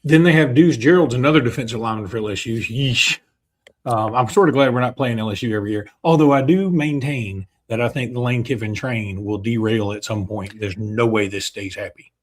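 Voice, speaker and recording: A man's voice: medium pitch, a little fast. A middle-aged man co-hosts a sports podcast in a loose, joking way. He rambles, circles back and fills gaps with ums and uhs. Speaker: podcast co-host. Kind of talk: casual sports podcast chat.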